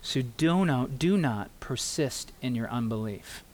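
A man preaching in a church with earnest, pleading emphasis. He draws out key words slowly as he speaks to his congregation. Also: medium pitch, lively intonation, slight background noise. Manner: addresses the congregation and tells a story. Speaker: pastor. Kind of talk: sermon.

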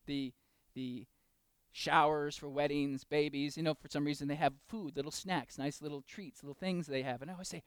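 Pastor guy preaching, high smooth voice, goes big and loud then drops way down soft, asks the congregation stuff. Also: steady tone, no room sound. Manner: swings from loud, slow emphasis to soft, intimate asides; talks directly to the congregation with questions. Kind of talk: sermon.

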